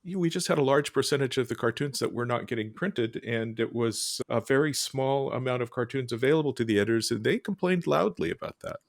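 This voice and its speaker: A man hosts a relaxed panel, walking through drawings and reading out what each character says. His voice sits in the middle range and is recorded dry and close, with no room sound. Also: mid-range voice, brisk, gravelly, few pauses, no room sound. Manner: describes cartoons aloud, quoting characters with little voices. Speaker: host. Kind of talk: casual panel chat.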